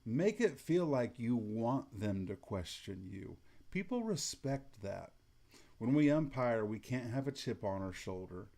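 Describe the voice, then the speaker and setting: Middle-aged guy coaching umpires, calm and matter-of-fact, mellow low-key voice. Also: measured pace, vocal fry. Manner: calm, matter-of-fact, demonstrates lines in a flat even tone. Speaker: umpire instructor. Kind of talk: instructional talk to umpires.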